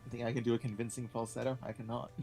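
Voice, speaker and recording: A man's voice: mid-range voice, little pitch movement, racing, creaky, dark tone, soft background music. A man in casual chat during a game playthrough, making dry joking quips. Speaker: let's play participant.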